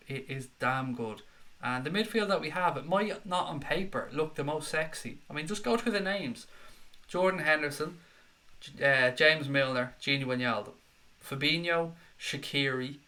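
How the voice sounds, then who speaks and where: Young male stream host, bright voice, excitable casual chat reading viewer comments. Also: fairly high pitch. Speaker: football fan channel host. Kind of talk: live-stream chat reaction.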